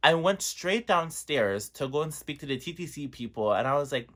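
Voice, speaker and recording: A man in his twenties from Toronto, telling a dramatic storytime on his vlog. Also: fairly quick. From Toronto, Canada. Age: 20s. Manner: animated, dramatic storyteller with big pitch swings. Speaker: vlogger.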